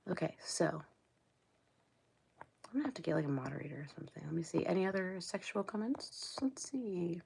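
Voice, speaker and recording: A woman's voice: on the low side, expressive, brisk, creaky, long pauses, darkish tone, slight background noise. A middle-aged woman from Ohio hosting a casual livestream, rambling and chatting back to viewers' comments. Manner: chatty, rambling, laughs often, talks back to the chat. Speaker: livestream host.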